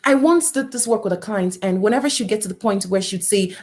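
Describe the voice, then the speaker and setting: A woman's voice: medium pitch, a little fast, few pauses, a little mellow. A woman giving a motivational talk as a coach, emphatic and repeating phrases for effect. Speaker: guest speaker and coach.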